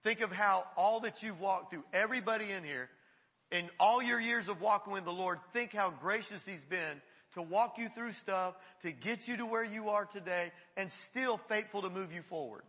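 A man's voice: high-pitched, normal speed, pushed and bright, breathy edge. A man preaching a sermon as pastor, earnest and conversational, often repeating himself as he makes a point. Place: church sanctuary. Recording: long reverb of a church hall.

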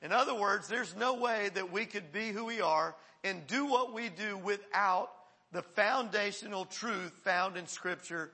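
A man preaching a sermon as pastor, reading historical quotations slowly and often restarting his sentences. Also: high voice, bright, forceful tone, slightly rough.

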